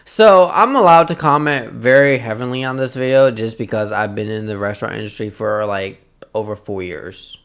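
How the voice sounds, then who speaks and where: A man's voice: fairly low pitch, normal speed, hardly any pauses, fairly bright tone. A man streaming casual reaction commentary, laughing often, swearing, and telling stories with animation.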